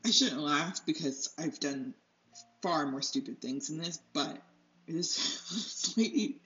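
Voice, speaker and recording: A woman's voice: low voice, pushed and bright. Rambling, chatty young woman, slightly muffled. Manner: rambling and chatty, laughs often, loses her train of thought. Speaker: art tutorial host. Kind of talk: casual chat while painting. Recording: slightly dull lo-fi sound.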